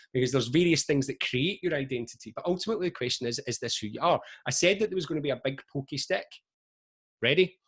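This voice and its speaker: A man in his forties, a motivational speaker, telling stories to camera on a video call in a chatty, lively way full of asides. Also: mid-range voice, breathy edge. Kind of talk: energetic motivational talk to camera.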